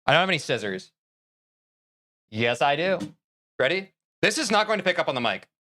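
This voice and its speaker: A man's voice: on the high side, very animated, fairly quick, sharp tone. A young man streaming live who chats casually with his viewers and counts aloud while he plays. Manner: chatty, counting aloud, talks to chat.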